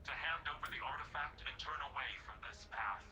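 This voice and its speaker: A whispering alien envoy. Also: male voice, medium pitch, brisk. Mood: menacing. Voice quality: whispery, cold and commanding. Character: menacing alien male Starborn envoy. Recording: game audio with loud music behind.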